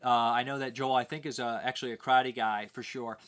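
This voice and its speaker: A man's voice: medium pitch, little pitch movement, a little fast, fairly bright tone, smooth. A man casually reviewing home video releases, rambling with lots of filler words. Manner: rambling, many "uh" fillers, easygoing.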